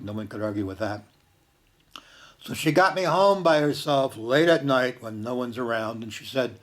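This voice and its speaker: Speaking at a medium pitch, an older man from Canada recounts something from his own life in a slow, thoughtful way, going quiet to a hush for quoted words.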